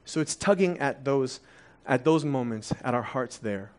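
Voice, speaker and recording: A man's voice: mid-range voice, animated, a little slow. A man in his thirties, originally from Korea, preaching a conversational sermon full of rhetorical questions. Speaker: pastor.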